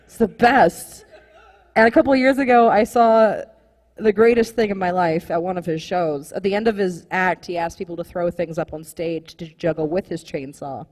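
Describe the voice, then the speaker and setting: A young woman performing a live stand-up comedy set, rambling and animated, full of "like" fillers. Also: lowish voice, normal speed, big-room sound. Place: comedy club stage with live audience.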